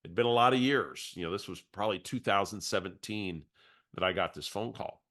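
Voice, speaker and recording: A man's voice: lowish voice, a little fast, a bit bright. A middle-aged man coaching real estate agents in a webinar, talking conversationally and restarting his phrases as he tells a story. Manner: conversational, repeats words as he restarts. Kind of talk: webinar coaching talk with anecdote.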